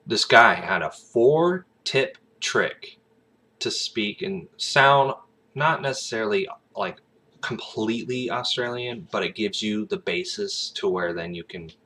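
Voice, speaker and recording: A man with a Southern American accent, an aspiring actor, talking in a casual, rambling vlog with plenty of fillers and restarts. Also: sharp tone. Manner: breaks into brief high-pitched accent imitations.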